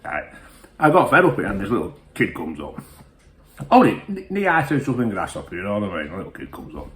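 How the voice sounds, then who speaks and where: A man's voice: fairly low pitch, huge pitch swings, fast, fairly bright tone. A man who reviews whisky and tells rambling comic stories, peppering every phrase with mild swearing.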